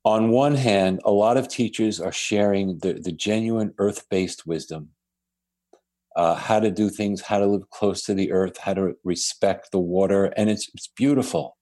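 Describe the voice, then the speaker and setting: A man's voice: lowish voice, moderate pace, mellow. A man who is a podcast guest, telling reflective stories with frequent restarts. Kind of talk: storytelling in a podcast conversation.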